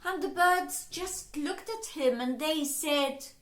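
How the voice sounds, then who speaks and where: Woman narrator for a children's story, high-pitched and unhurried, in a roomy space. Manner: slow, expressive, voicing characters. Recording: roomy echo.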